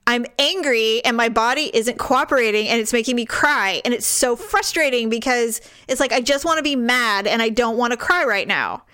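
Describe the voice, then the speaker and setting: A woman with a slightly high voice tells a story in a loose, chatty way. She acts out every character's lines with big jumps in pitch and laughs through much of it. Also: moderate pace, few pauses. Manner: animated, acts out quoted voices, laughs often. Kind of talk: casual storytelling chat.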